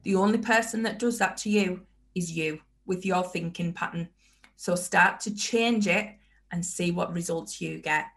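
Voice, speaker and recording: A woman's voice: fairly low pitch, a little slow, fairly bright tone. A woman hosting a motivational self-help talk, emphatic and fond of repeating her key phrases. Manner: emphatic, repeats phrases, acts out inner voices. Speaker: podcast host.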